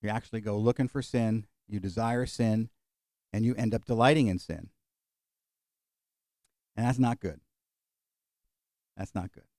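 A middle-aged male pastor preaching a sermon and closing in prayer, folksy and animated, acting out little quotes and jokes. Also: fairly low pitch, no echo, studio quality.

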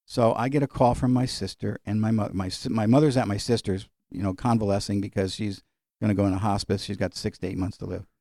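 A middle-aged man with a low, mellow voice gives an informal Bible lesson. He speaks conversationally and wanders into personal asides. The sound is dry and close. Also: fairly even intonation, fast talker, no echo. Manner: conversational, digressive, with fillers and chuckles. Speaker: Bible study teacher.

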